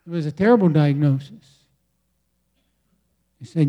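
A man preaching a sermon from the United States, slow and deliberate, with emphatic pauses and repetition. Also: sits high, animated, dark tone. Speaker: pastor.

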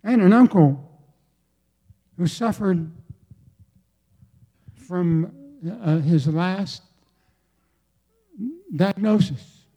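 Slow, deliberate preacher man. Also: high-pitched, dark tone. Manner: slow, deliberate, with emphatic pauses and repetition. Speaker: pastor. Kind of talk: sermon.

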